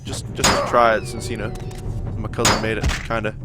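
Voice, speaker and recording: Heavy background noise and game music sit behind this young New Zealand man, whose lowish voice moves fairly quickly in a New Zealand accent. Playing a game, he chats casually with his stream chat in a relaxed, rambling way and laughs a lot.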